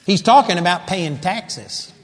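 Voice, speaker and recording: A man preaching a sermon in a church hall, animated, moving from loud exclamations to quiet asides. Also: high voice, unhurried. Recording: long hall reverb.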